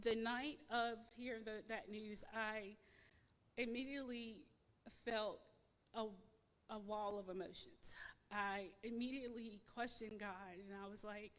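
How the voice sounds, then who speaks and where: A woman giving a personal testimony in church, halting and emotional, repeating words with many fillers. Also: mid-range voice, fairly bright tone, in a large hall. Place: church sanctuary.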